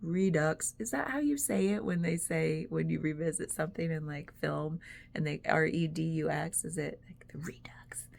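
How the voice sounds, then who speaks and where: Gravelly, low-voiced woman vlogger. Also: moderate pace. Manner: rambling, chatty, laughs often, many "like"s. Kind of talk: casual reflective monologue.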